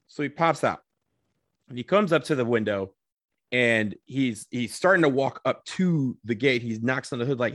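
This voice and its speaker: A man telling a comedic personal anecdote, animated, swearing casually and acting out what people said. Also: medium pitch, normal speed, no echo, clean studio sound.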